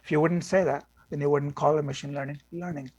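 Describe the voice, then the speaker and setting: A man's voice: on the high side, fairly even intonation, quick pace, a little mellow, no room sound. A man lecturing a class on machine learning, blunt and opinionated, with many fillers like "you know" and "okay".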